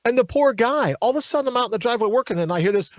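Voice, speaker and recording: A man's voice: very high-pitched, no echo. A man hosting a political talk show in a studio, delivering an emphatic monologue full of hammering rhetorical questions and mocking asides.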